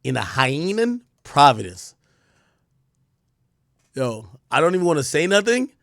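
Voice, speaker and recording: A man hosting a live stream, telling a story in animated casual talk with swearing and laughter. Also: a little high, a little slow, gravelly, no room sound, studio quality.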